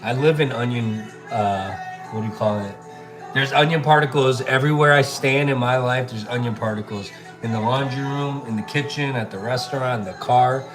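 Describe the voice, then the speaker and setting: A relaxed man talks through a live cooking stream, answering viewers as they comment and tossing in plenty of bro and dude. His voice sits in an ordinary middle pitch. Music plays clearly behind him. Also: normal speed. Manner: chatty, laid-back, reads and answers viewer comments, calls people bro and dude. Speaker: chef livestreaming while cooking. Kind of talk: casual live-stream chat while cooking.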